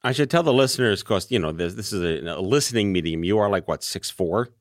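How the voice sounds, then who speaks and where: Man, forties, podcast host, playful jokey questions, very lively pitch, dry close sound. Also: fast talker, no echo. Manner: joking, playful, animated questions. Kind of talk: casual interview chat.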